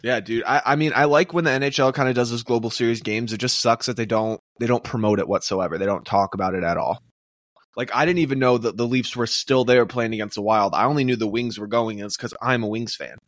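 A man co-hosting a podcast, chatting in loose, excitable banter with his friends. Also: mid-range voice, fast talker, no echo, studio quality. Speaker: podcast co-host. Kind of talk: casual chat.

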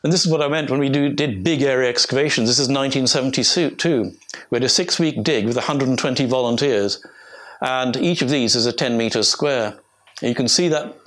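A man's voice: mid-range voice, a bit bright. An older English man, an archaeologist, giving a rambling, anecdotal illustrated talk to a live audience. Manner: rambling, anecdotal, with restarts and chuckles.

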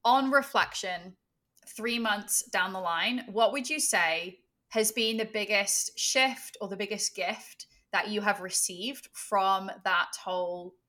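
Woman podcast host, bright tense voice, super enthusiastic and gushy. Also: mid-range voice. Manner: effusive, enthusiastic. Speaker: podcast host, sex coach. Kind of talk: casual podcast chat.

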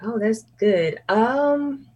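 A singer being interviewed speaks frankly and casually, laughing a lot and quoting her own past remarks in animated asides. Her fairly high voice draws out words and sounds slightly rough, with the highs cut off.

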